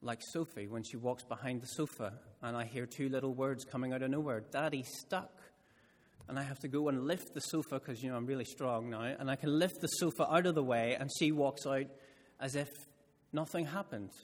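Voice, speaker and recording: A male preacher with a mid-range voice delivers his sermon with storyteller's expression. He leans into important phrases by drawing them out slowly. His voice rings out with a long reverb tail through a church hall. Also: mid-range voice, fairly even intonation.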